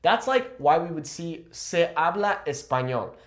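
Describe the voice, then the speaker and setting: A man teaching a casual video lesson. He checks in with "okay?" again and again and slows down to model phrases. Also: fairly high pitch, lively intonation, roomy sound. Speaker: Spanish teacher.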